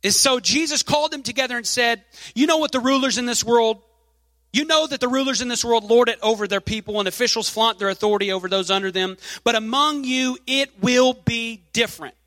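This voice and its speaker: A man's voice: very high voice, a little fast, sharp tone, dry recording, big-room sound. A man preaching a sermon, reading scripture aloud and leaning hard on key phrases.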